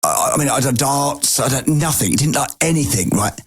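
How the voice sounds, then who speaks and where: A man co-hosting a podcast, telling stories in casual chat with lively swearing. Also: mid-range voice, moderate pace, husky, faint music behind. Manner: animated, swearing storyteller. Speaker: podcast co-host.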